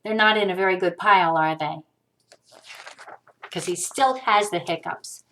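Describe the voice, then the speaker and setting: A woman reading a picture book aloud to a child, animated, with sung-out hiccup sounds, on a webcam mic. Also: lowish voice, moderate pace. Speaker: storyteller.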